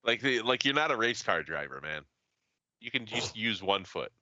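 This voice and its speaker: Male podcast ranter, swings his pitch a lot, dull dry lo-fi sound. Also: moderate pace, dry recording. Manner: animated ranting, heavy swearing. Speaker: podcast co-host. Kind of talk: casual chat.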